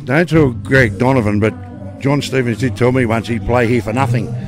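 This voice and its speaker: A man's voice: mid-range voice, normal speed, over music. An Australian man hosting a podcast, chatting matily with people at an outdoor festival. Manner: chatty, matey banter. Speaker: podcast host. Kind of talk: on-site festival interviews.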